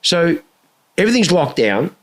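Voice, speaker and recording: A middle-aged man hosting a podcast, telling stories in a casual, heavily profane and animated way. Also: a little high, normal speed. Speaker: podcast host. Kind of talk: casual chat.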